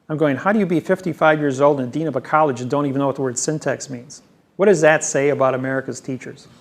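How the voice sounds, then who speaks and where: A man's voice: medium pitch, creaky. A man giving a rambling seminar lecture, boastful and emphatic, sure of his own expertise. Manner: boastful, emphatic, self-assured. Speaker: seminar presenter. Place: seminar room.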